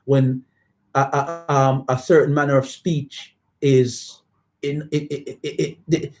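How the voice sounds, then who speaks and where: A man in a casual podcast discussion, animated and stammering at times, slipping into patois to make a point. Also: medium pitch, slow pace.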